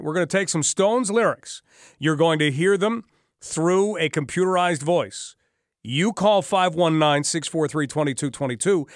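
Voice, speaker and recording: A man's voice: fairly high pitch, no room sound. A man hosting talk radio from a studio mic, conversational and wry, with dry sarcasm. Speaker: radio talk show host. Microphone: studio microphone.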